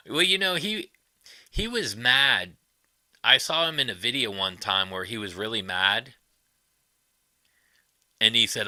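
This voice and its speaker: A man's voice: fairly low pitch, expressive, measured pace, pauses often, pushed and bright, dry recording. Blunt, swearing man on a livestream. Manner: blunt, profane, rambling opinions. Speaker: livestream host. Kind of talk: casual livestream chat, reading viewer comments.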